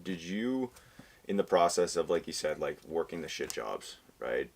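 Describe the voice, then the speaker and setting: A man's voice: sits low, sing-song, moderate pace. A man hosting a podcast interview, asking follow-up questions and giving supportive short replies. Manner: supportive listener, short backchannels. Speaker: podcast host.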